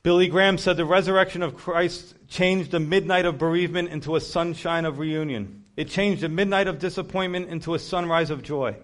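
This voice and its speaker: A man's voice: on the high side, fairly even intonation, a little fast, few pauses, fairly bright tone. A man preaching an earnest, urgent evangelistic sermon.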